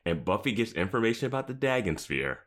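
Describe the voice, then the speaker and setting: A man with a deep voice co-hosts a podcast in a relaxed, chatty way. His intonation rises and falls widely, and he keeps breaking into amused laughter. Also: fast. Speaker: podcast co-host. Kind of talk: casual chat recapping a TV episode.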